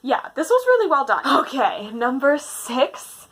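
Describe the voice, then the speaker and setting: A young woman in a casual, rambling movie-ranking chat, gushing and animated with lots of fillers. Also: sits high, a little slow, poor audio. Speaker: book video host.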